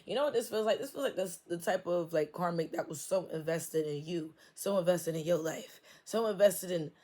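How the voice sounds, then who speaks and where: This woman reads tarot in a casual, spiritual way that's blunt, full of swearing and playful, with frequent laughter. She speaks at normal speed in a low, dark voice.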